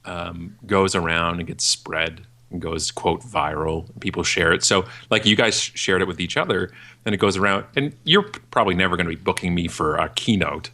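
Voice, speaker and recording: A man in his forties, a podcast guest and keynote speaker, talking in a ranting, jokey way and acting out other people in a high voice. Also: brisk, sharp tone. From Canada. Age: 40s. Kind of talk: animated podcast interview.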